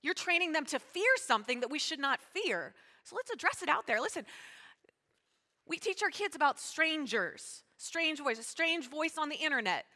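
A woman pastor preaching a sermon, talking fast and emphatically and calling out to her congregation. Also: high-pitched, sing-song, pushed and bright. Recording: long hall reverb.

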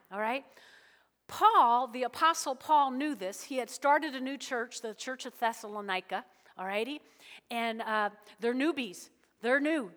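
Lively woman pastor preaching in a hall. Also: fairly high pitch. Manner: lively, conversational preaching with frequent "all righty?" asides. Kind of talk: sermon. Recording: hall reverb with faint music.

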